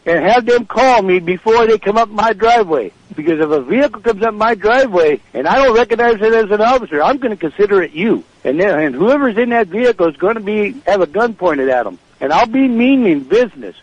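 Brief: older man, high-pitched, furious and menacing, dry close sound. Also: lively intonation, a little fast, few pauses, no echo, muffled recording. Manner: angry, threatening, blunt. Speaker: prank call target.

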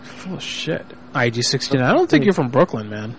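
A man talking casually and crudely as a show host, teasing and mock-indignant in quick bursts. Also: mid-range voice, big pitch swings, slight background noise, rough recording. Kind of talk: casual crude talk with prank calls.

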